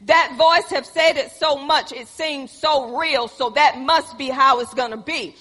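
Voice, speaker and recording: Woman preacher, high-pitched and bright, asks her congregation questions and answers them, rises to shouts, hall reverb. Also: measured pace. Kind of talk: sermon.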